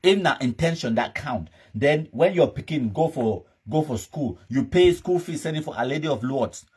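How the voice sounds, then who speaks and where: A man's voice: medium pitch, expressive, moderate pace, a little mellow, husky. A man speaking Cameroonian Pidgin English, hosting a live commentary show in an emphatic, scornful, ranting manner. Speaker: host.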